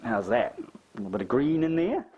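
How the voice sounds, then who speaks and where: A middle-aged man with a New Zealand accent, chatting and thinking aloud as he paints a landscape, self-mocking and relaxed. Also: mid-range voice, moderate pace, breathy edge, phone-quality sound. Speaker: painting tutor. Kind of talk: casual painting tutorial.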